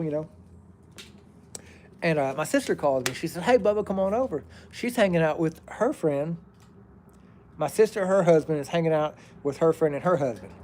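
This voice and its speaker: A man's voice: fairly high pitch, darkish tone, slight background noise. A man, telling a personal story in a rambling, profane, drawling way.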